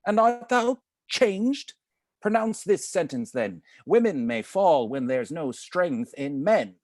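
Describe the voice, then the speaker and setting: A man reading the part of a wise friar counselling a young man, in a measured, advising way, during a cold read over a video call. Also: on the high side, very animated, a little mellow, no room sound, studio quality, exaggerated voice. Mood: chiding. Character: wise, patient male friar counselling a youth. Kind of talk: cold read of a stage play.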